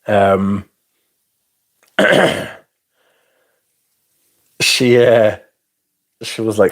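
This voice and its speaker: A man with a somewhat low, husky voice chats loosely on a livestream. His talk is rambling, jokey and crude, full of swearing and restarts as he reads out viewer comments. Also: unhurried, long pauses, darkish tone. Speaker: livestream host reviewing fragrances. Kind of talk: casual livestream chat, reading out viewer comments.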